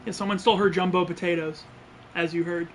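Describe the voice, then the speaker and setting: A man's voice: high voice, fairly even intonation, fast talker, slight background noise. A man streaming a game, giving joking, profane, blunt commentary. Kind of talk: casual gameplay commentary.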